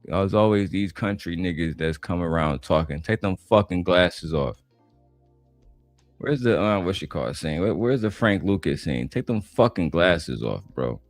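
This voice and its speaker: A man's voice: low-pitched, animated, normal speed, dry recording, soft background music. A man from Detroit giving blunt, mocking, heavily profane reaction commentary on a panel clip. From Detroit, USA.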